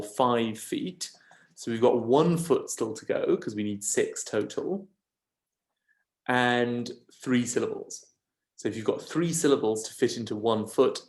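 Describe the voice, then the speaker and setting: A man gives a recorded lesson, working through each step patiently and checking in with his listeners as he goes. He talks at an unhurried, slow pace. The room around him has a noticeable echo. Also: mid-range voice. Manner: patient, step-by-step explaining with frequent ums and rights. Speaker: teacher. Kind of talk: recorded video lesson on scanning verse.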